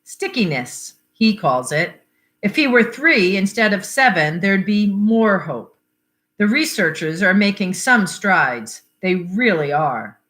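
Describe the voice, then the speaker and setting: A woman's voice: medium pitch, very animated, slow, fairly bright tone. A woman reading the lines of a blunt, bitter middle-aged father grieving for his sick son, in her own voice with little change. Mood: somber. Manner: blunt, swears, wry about odds.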